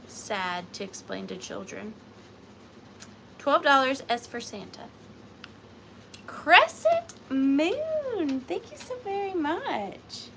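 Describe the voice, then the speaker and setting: Brief: gushing woman host of a live sale, fast chatter, bright and slightly high voice. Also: slight background noise. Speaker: online antique seller. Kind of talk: live-selling vlog chat.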